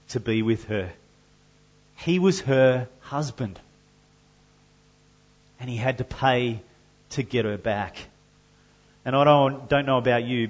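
A man preaching a sermon to his church, measured and earnest, with loud emphatic passages when he reads scripture. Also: mid-range voice, dull audio. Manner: slow and deliberate, rising to loud emphatic scripture reading. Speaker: pastor.

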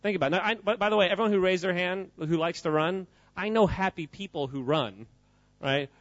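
A man's voice: high voice, a little fast, no room sound, muffled recording. Playful man talking to a crowd. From United States. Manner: playful, joking, quizzes the crowd. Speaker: speaker at a church gathering. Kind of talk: informal talk to a live audience.

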